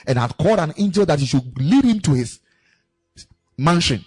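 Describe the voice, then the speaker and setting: A man's voice: fairly high pitch, brisk, slightly rough. A man preaching a sermon at a church camp, telling stories and acting out the voices of the people in them. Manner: animated storytelling preacher, acting out quoted voices. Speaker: pastor.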